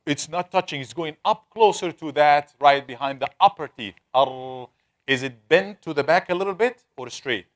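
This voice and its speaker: A man's voice: on the high side, moderate pace. Man drilling Arabic letter sounds. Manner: patient, drills letter sounds repeatedly, calls on students. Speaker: Tajweed teacher. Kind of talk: live online class teaching Arabic letters.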